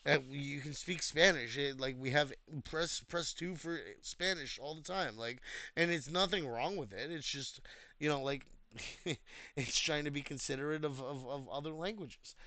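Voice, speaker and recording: A man's voice: a little high, normal speed, sharp tone, dry recording. A young American man talking casually and earnestly, giving advice with many restarts and fillers. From United States. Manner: earnest, explanatory. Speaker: community host reviewing threads.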